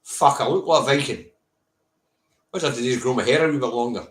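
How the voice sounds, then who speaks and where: A man's voice: mid-range voice, fairly quick. A man with a Scottish accent hosting a casual live stream, blunt and sweary, answering viewers' comments by name. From Scotland. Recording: roomy echo.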